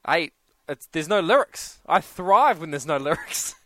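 A man's voice: a little high, animated, measured pace, fairly bright tone, slight background noise. A man hosting a radio show, running a music quiz in a playful, teasing way. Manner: playful, teasing game presenter. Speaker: radio host. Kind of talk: casual radio banter. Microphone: studio microphone.

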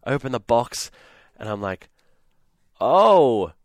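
A man's voice: lowish voice, a little fast, dry recording. An Australian man, a radio host, telling a rambling story in a casual, chatty way and filling the gaps with "blah, blah". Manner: animated, rambling retelling with "blah, blah".

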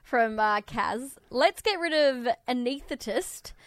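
A woman's voice: on the high side, animated, takes it slowly, no echo, clean studio sound. A woman co-hosting a radio show, cheerfully reading out listener texts and giggling. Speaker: radio co-host.

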